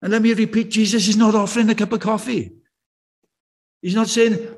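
An older man preaching a sermon, chatty and anecdotal, slowing down to repeat key words with emphasis and dropping in wry, self-deprecating asides. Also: high voice, expressive. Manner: conversational and anecdotal, with slow emphatic repetition.

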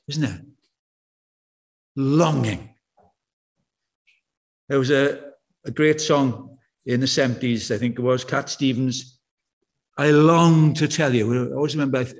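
An older man preaching a sermon, chatty and anecdotal, slowing down to repeat key words with emphasis and dropping in wry, self-deprecating asides. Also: on the high side. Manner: conversational and anecdotal, with slow emphatic repetition.

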